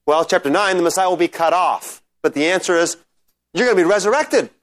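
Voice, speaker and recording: Male scripture lecturer, a bit high-voiced, conversational, takes class questions. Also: animated, fairly quick, fairly bright tone. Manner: conversational, checks in with "right?"; reads scripture aloud, then explains. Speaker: Bible teacher. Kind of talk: informal lecture with Q&A.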